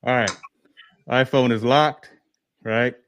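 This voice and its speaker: A man's voice: medium pitch, steady tone, slow, a bit bright. A man co-hosting a live tech show over a video call, laid-back and stammering when flustered. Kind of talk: casual live-stream banter.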